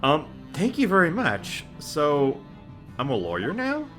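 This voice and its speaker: A man's voice: fairly high pitch, huge pitch swings, measured pace, fairly bright tone, soft background music, voice pushed up, full character voice. A man voicing an earnest young lawyer. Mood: polite. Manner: polite, flustered, anxious. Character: earnest, polite young male Japanese lawyer.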